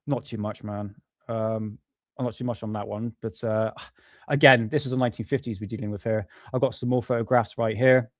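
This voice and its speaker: A man's voice: fairly low pitch, fairly even intonation, a little fast, dry recording, clean studio sound. A man casually chatting as host of a live stream, laughing along with viewer comments. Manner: chatty, laughs at viewer comments, drifts back to his notes.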